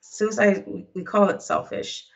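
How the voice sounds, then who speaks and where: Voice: mid-range voice, flat delivery, unhurried, recorded from a distance, highs cut off. A co-host on a casual talk stream, making wry, teasing remarks. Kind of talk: casual chat.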